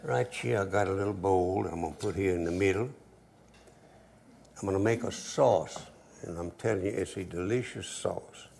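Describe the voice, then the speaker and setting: Older man, a cooking host, low gravelly voice, joking and easygoing. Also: normal speed, long pauses, darkish tone, a little hiss or hum. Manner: easygoing, joking, dialect grammar. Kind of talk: folksy cooking demonstration with storytelling.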